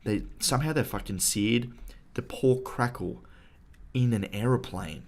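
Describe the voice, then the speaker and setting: A man's voice: medium pitch, measured pace. A man co-hosting a podcast, telling a story in a playful, boasting way. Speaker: podcast co-host. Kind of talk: casual chat.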